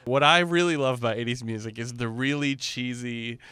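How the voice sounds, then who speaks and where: Excited man gushing about music. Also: medium pitch, a little fast, clear, resonant tone, no echo. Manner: enthusiastic, gushing, chatty. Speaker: podcast co-host. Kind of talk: casual chat.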